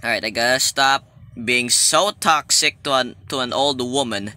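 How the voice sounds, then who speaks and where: A man's voice: mid-range voice, moderate pace, soft background music. A young man doing let's play commentary, joking and talking to the game character as he plays. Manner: jokey, excitable, talks to the game character. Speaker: gaming YouTuber.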